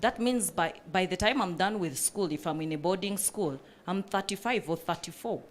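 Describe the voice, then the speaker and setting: A woman's voice: lowish voice, normal speed, a little hiss or hum. A woman panelist who runs a coffee business, speaking earnestly and with passion at a panel discussion, with many fillers.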